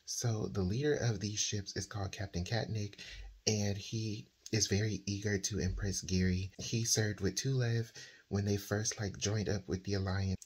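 A man's voice: lowish voice, slightly rough. A man hosting his own book channel, casually recapping and discussing a novel in a conversational, filler-dotted way.

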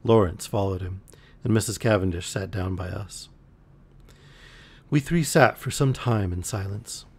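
A man with a low, gravelly, somewhat husky voice reads a novel aloud for a live stream. He keeps an easy, relaxed pace and now and then trips over a word and restarts. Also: a little slow. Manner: relaxed, with occasional slips and restarts. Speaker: audiobook reader on a live stream. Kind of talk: reading a novel aloud, voicing characters lightly.

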